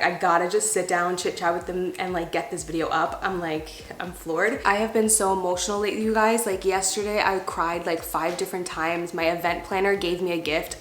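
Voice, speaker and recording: A woman's voice: medium pitch, roomy sound. A young woman vlogging from her floor at home, talking in a gushing, emotional way with many "like" fillers. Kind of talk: casual vlog chat.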